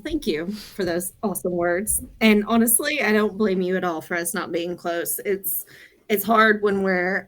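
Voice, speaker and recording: A woman in casual chat, talking quickly and frankly, swearing casually and laughing often. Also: mid-range voice, fairly bright tone. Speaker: podcast co-host.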